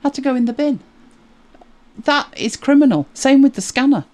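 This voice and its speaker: A middle-aged woman chatting to camera as a video creator, animated and exasperated, laughing at herself. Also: sits high, normal speed. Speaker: YouTube creator. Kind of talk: casual chat to camera.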